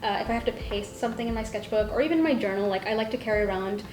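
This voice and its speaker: A woman's voice: mid-range voice, very fast. A young woman chatting casually as a guest artist, talking through her tools with lots of fillers and a giggly manner. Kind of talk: casual chat. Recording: roomy echo with faint music.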